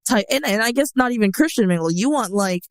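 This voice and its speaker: A woman's voice: a little high, lively intonation, fast talker, no echo. Young woman co-host, blunt and sarcastic, swears a lot, dry close sound. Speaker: co-host of a dating advice show. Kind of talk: casual chat.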